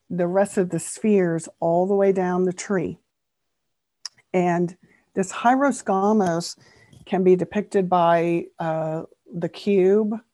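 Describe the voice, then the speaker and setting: Slow, mellow-voiced woman author explaining. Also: on the low side, dry recording. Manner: earnest, steady explainer who spells out terms. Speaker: author guest. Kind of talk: explaining esoteric teachings in a podcast interview.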